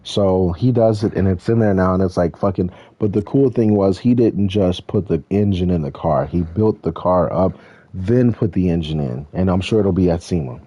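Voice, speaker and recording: A young man with a low, mellow voice talks at a moderate pace, with no echo in the recording. He's a YouTuber playing a driving game while rambling through a casual Q&A with viewers, full of profanity and loose slang.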